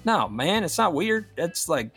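A man's voice: a little high, very animated, unhurried, a bit bright, husky, soft background music. A man co-hosting a podcast in casual banter, rambling with many fillers and restarts and a teasing tone. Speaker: podcast co-host.

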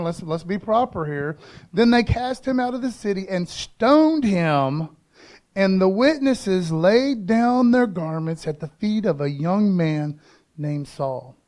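High-voiced laid-back preaching man. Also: darkish tone. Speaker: pastor. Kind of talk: casual sermon.

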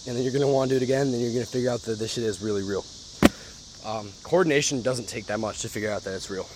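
A man's voice: mid-range voice, very fast, noisy background. A young adult man hosting a podcast, talking casually and emphatically, swearing and laughing often. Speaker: podcast host. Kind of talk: casual motivational monologue.

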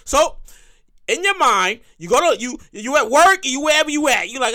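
A woman hosting a comedy podcast, ranting in a profane, animated monologue and repeating lines for emphasis. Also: sits high, a little fast. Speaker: podcast host and comedic writer.

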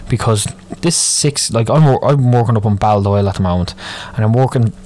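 A man's voice: fairly low pitch, a little fast, a little mellow. Sweary Dublin man ranting. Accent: Irish, Dublin. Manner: moaning, sweary, rambling. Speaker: podcast host. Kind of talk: solo ranting podcast.

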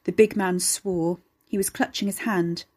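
Woman reading a dark story, low husky voice, steady and measured. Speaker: narrator. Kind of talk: storytelling narration.

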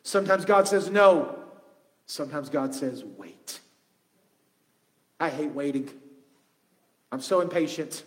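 Brief: man pastor, high voice, impassioned sermon, long hall reverb. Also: animated, slow pace, pauses often. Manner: impassioned, shifting from loud to hushed.

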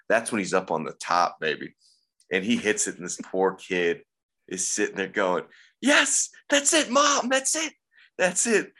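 Deep-voiced sarcastic podcast man. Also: bright, forceful tone. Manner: sarcastic, profane storytelling. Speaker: podcast co-host. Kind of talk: casual wrestling podcast chat.

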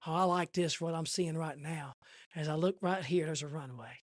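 A man preaching a sermon in an impassioned, repetitive way that swells toward near shouting. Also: a little high, normal speed, no echo.

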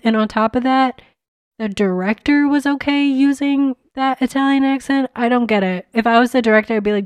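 A woman's voice: sits high, brisk, smooth, no echo. A woman giving a casual, blunt spoken movie review, talking in a chatty way full of filler words.

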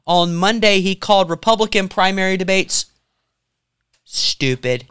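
A man's voice: on the high side, lively intonation, brisk, a bit bright, clear, resonant tone, dry recording, clean studio sound. A man co-hosting a podcast, talking through politics in casual, joking banter. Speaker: podcast co-host.

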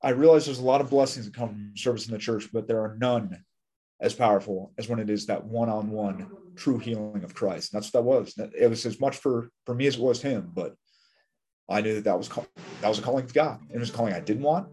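A middle-aged man appears as a podcast guest, telling candid, joking stories in a conversational way with wry asides. His lowish voice is warm and slightly rough, and he talks fairly quickly.

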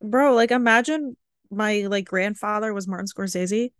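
A young woman in her twenties talks casually with a friend on a podcast. She tells stories in an animated, chatty way with lots of fillers. Her voice sits at a middle pitch, and the recording is dry and close. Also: normal speed, dry recording. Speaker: podcast co-host. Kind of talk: casual chat.

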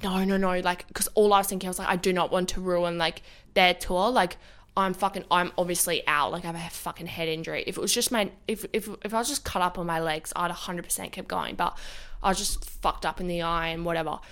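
A woman's voice: fairly low pitch, fairly bright tone. A young woman, a podcast co-host telling a story in casual chat, rambling and swearing a lot.

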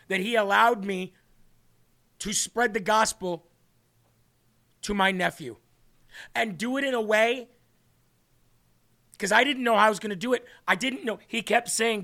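A male host with a high, ringing voice talks through a live stream, reading out viewer comments and donations. He sounds earnest and excitable and often breaks off to restart a sentence. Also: moderate pace, pauses often. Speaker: host of an online faith show.

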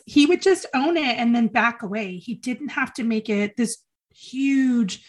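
Earnest woman sharing heartfelt memories. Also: on the high side. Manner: earnest, halting, repeats phrases for emphasis. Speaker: podcast guest. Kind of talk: emotional personal reminiscence.

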